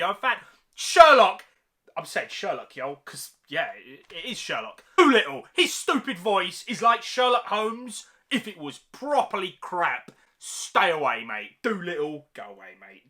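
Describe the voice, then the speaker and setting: Bright, lively man ranting. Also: sits high. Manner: slangy, exaggerated, mocking. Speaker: movie reviewer. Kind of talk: ranting review vlog.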